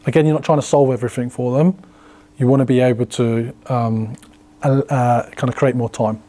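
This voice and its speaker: A sales trainer with a warm, medium-pitched voice talks briskly and with fairly even intonation. He teaches his workshop casually, his explanations full of fillers and restarts.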